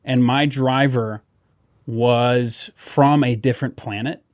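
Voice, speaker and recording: A man co-hosting a podcast, reading ads and telling lively stories while acting out what people said. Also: medium pitch, slow pace. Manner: animated storyteller, acts out quotes. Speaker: podcast co-host. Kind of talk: casual podcast chat and ad read.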